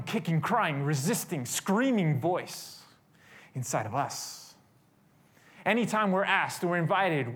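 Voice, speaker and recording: Guy preaching, tells stories, kinda high voice, gets loud then goes real quiet. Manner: animated, swings from loud to hushed. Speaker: pastor. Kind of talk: storytelling sermon.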